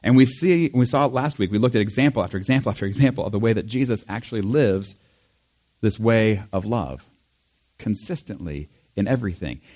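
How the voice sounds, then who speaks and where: A male pastor giving a conversational sermon, animated and chatty, acting out quotes with small laughs. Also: on the low side, fairly quick.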